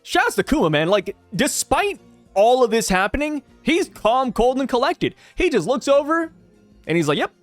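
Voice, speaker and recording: A man with a high voice that swings widely up and down hosts a comic review in casual commentary. He jokes and thinks out loud as he talks. The recording is dry and close with faint music behind. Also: normal speed, dry recording. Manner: animated, jokey, thinks aloud. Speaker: manga review channel host.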